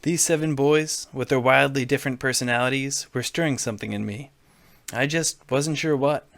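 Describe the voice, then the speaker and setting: A man's voice: mid-range voice, normal speed, vocal fry, fairly bright tone, no echo. A young man playing a dating game and reading its text aloud with wry, dramatic delivery. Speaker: let's play host.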